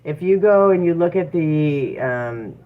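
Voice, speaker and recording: A woman's voice: low-pitched, expressive, unhurried. A woman giving a casual livestream tarot reading, chatty and encouraging, with frequent fillers. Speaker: tarot reader. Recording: tinny phone-like audio with faint noise.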